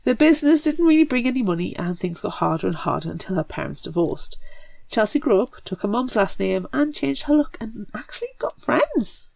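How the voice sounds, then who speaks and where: A woman's voice: fairly high pitch, big pitch swings, fairly quick, vocal fry, darkish tone, dry recording. A woman co-hosting a casual book podcast, chatty and enthusiastic as she summarizes a story. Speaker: podcast co-host.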